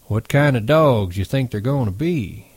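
A man reading aloud and voicing a big, crude ranch hand who talks in a slow, blunt drawl. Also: medium pitch, expressive, slightly rough, no room sound.

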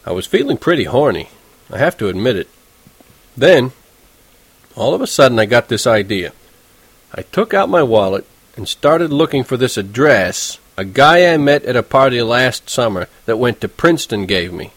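A man's voice: medium pitch, very animated, moderate pace, no room sound. A man reading a first-person novel aloud in a wry, conversational storytelling manner. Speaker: audiobook narrator.

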